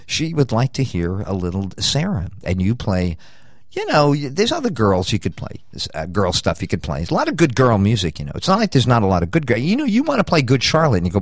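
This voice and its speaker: A man's voice: medium pitch, huge pitch swings, fast, no echo, studio quality. Rambling jokey older male radio host. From United States. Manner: rambling, jokey, riffs on lists. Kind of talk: rambling promo read.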